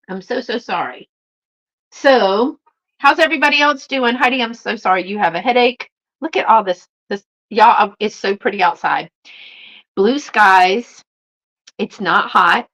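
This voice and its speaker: A woman's voice: mid-range voice, animated, unhurried, fairly bright tone, dull audio. Chatty Southern woman live-streaming. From Southern United States. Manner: chatty, greets viewers by name, lots of "y'all" and "um". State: a little flushed from a walk. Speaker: YouTube live stream host. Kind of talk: casual live chat.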